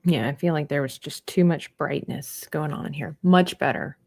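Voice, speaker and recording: A woman's voice: low-pitched, moderate pace, gravelly. A woman chatting casually as she paints on a livestream, rambling and trailing off mid-thought. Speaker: livestreaming artist. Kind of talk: casual chat while painting.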